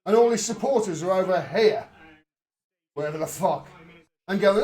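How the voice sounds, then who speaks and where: Man commentator, heated and sweary live rant, very expressive intonation. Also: sits high, normal speed. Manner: angry, profane, emphatic ranting. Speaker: political livestream commentator.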